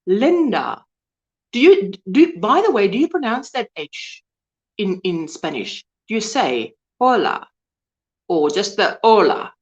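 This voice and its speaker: A woman's voice: medium pitch, very animated, a little slow. A woman hosting a casual live-stream chat, greeting viewers and reading their comments aloud. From South Africa. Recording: dull lo-fi stream audio.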